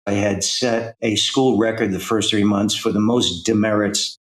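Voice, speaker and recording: A man's voice: on the low side, steady tone, moderate pace, low-quality recording. Blunt older man telling his story. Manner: blunt, streetwise retelling with quoted dialogue. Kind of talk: personal storytelling.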